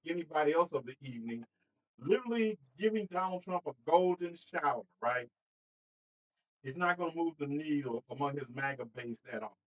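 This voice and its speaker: High-voiced man ranting on a livestream. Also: highs cut off. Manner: animated, talks straight to viewers with laughs. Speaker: host. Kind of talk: casual political commentary.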